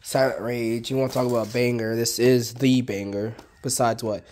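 Hoarse guy in a mid-range voice, loose and profane, chatting off the cuff. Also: mid-range voice, little pitch movement, normal speed, a little mellow. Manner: rambling and profane. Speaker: fireworks collector. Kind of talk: casual chat.

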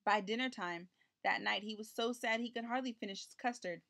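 A woman reading a children's picture book aloud in an expressive storytelling manner. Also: fairly high pitch, brisk, vocal fry.

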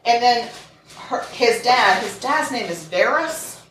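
A woman co-hosting a podcast, telling a true crime case in casual chat that is animated, blunt and peppered with crude jabs. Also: on the high side, takes it slowly. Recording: roomy and distant with faint noise.

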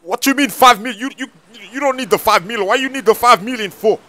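A man voicing a loud, excitable young man in a video game skit who squawks his questions in slang. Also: very high-pitched, fairly quick, pitched above the performer's own voice. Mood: outraged.

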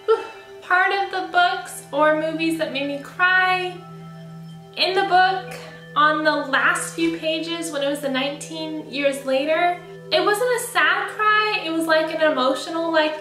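A woman's voice: sits high, measured pace, sharp tone, echoey room, faint music behind, poor audio. A young woman vlogging casually, bubbly and enthusiastic, laughing often as she talks. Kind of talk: casual book-tag vlog.

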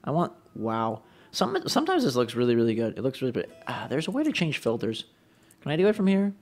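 A man's voice: mid-range voice, huge pitch swings, fast talker. A man casually thinking aloud while commenting on a city-building game, unsure of himself and talking to his viewers. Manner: rambling, thinking aloud, self-doubting; talks to the viewers. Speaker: let's play commentator.

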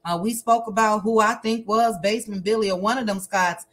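A woman from Chicago hosting a livestream, chatting casually in a lively, playful, slangy way and reading out viewer comments. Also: medium pitch, fairly quick. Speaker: livestream host.

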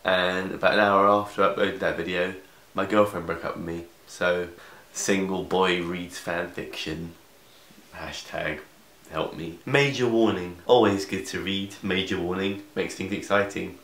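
A man's voice: sits low, fairly even intonation, unhurried, fairly bright tone, reverberant. A young man reading a fan fiction aloud for laughs, cutting in with sarcastic asides, in a room of a house. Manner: sarcastic, interrupts himself with asides. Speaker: vlogger.

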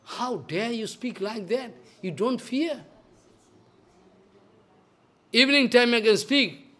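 A man giving a devotional lecture as a spiritual teacher, emphatic and scolding, swinging between loud outbursts and hushed asides. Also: extremely high pitch, lively intonation, slow.

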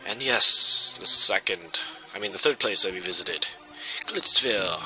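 A man's voice: deep voice, a little slow, sharp tone, slight background noise, low-quality recording. A man giving casual, wry commentary over a video game playthrough. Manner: wry, joking. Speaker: let's play commentator.

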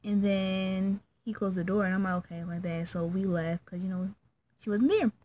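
A young woman vlogger casually telling a story from childhood, acting out the people in it with sudden high squeaky voices. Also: moderate pace. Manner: animated, acts out her own and friends' lines in squeaky high voices.

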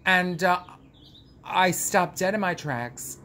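A man's voice: sits high, expressive, takes it slowly, pushed and bright, slight background noise. A man hosting a casual vlog, telling a story in a theatrical, gushing, camp way and drawing out words. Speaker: vlog host. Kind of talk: casual chat monologue.

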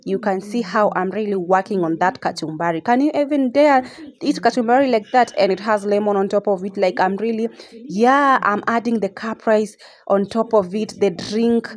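A woman's voice: medium pitch, a little mellow. A young woman, narrating a casual vlog to her viewers and often repeating her phrases. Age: young adult. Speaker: vlogger.

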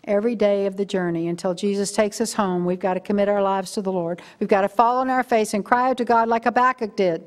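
A woman's voice: medium pitch, fairly even intonation, quick pace, few pauses. Older woman preaching, telling stories like she's chatting with the congregation. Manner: conversational storytelling preaching. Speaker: guest preacher. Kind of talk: sermon.

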